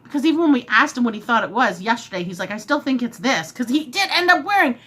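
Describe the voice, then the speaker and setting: A woman vlogger casually telling a long story while eating, chatty and animated, often acting out what she and others said. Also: on the high side, quick pace, slightly rough.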